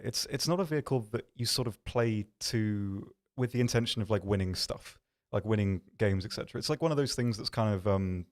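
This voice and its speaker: A man hosting a game livestream from an office, answering viewer questions in a rambling, self-deprecating way with many pauses and restarts. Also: lowish voice, darkish tone. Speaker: stream host. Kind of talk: casual livestream chat reading viewer questions.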